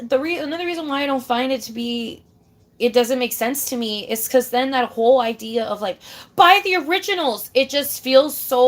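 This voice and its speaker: Woman vlogger, slightly high voice, casual profane rant, repetitive and emphatic. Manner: profane, emphatic, repeats herself, calls listener babe.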